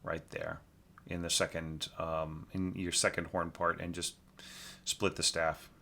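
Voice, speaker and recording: A man's voice: sits low, flat delivery, measured pace, gravelly, sharp tone, a little hiss or hum. A man giving a casual spoken critique of a student's orchestration, with lots of fillers and tag questions. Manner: informal, hums and scats musical lines to show phrasing. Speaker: orchestration teacher reviewing a student score.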